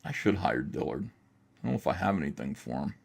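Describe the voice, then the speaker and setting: A man's voice: low voice, big pitch swings, fast talker, gravelly, breathy edge. A man hosting a livestream, talking in a heated, profane, emphatic way while ranting and reading chat. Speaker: livestream host.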